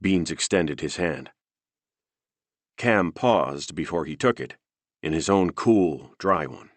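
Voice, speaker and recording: A man narrating a thriller audiobook in a steady, measured reading. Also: low-pitched, no echo.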